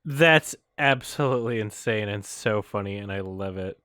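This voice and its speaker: A man's voice: fairly low pitch, moderate pace, pushed and bright, smooth, no room sound, studio quality. A man from Canada hosting a stream, ranting casually with lots of swearing, restarts and disbelief. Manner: profane, incredulous, stammering restarts. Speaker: streamer host.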